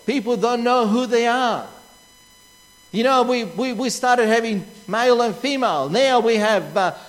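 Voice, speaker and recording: A man with an Australian accent preaching a sermon, emphatic and repetitive, asking rhetorical questions. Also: high-pitched. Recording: long reverb of a large hall.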